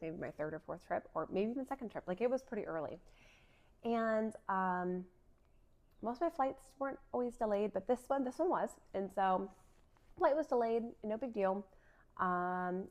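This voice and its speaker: Woman in her thirties, chatty vlogger, relaxed storytelling with lots of "like"s, medium pitch. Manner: chatty, many filler "like"s, laughs often. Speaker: vlogger sharing a faith story. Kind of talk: casual personal storytelling.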